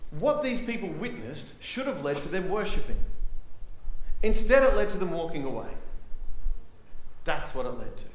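A man preaching a sermon as pastor, impassioned, swinging from emphatic to hushed and repeating rhetorical questions. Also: a little high, sing-song, normal speed, long pauses, echoey room, a little hiss or hum, poor audio.

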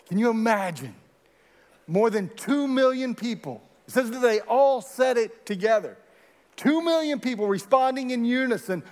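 Aussie preacher guy, high voice, big church echo, fired up with the crowd. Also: unhurried. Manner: animated, rallying congregation. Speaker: pastor. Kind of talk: sermon. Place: large church hall. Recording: echoey hall with long reverb.

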